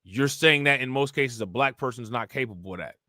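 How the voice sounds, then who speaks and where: A man hosting a casual livestream, ranting in animated, slangy commentary and reading chat comments aloud. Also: mid-range voice, brisk, dry recording, studio quality. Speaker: livestream host reacting to news.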